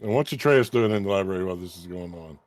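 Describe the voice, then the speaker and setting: A man's voice: deep voice, fast talker, no room sound, studio quality, faint music behind. Laid-back man running a tabletop game. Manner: relaxed, laughs often. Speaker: game master.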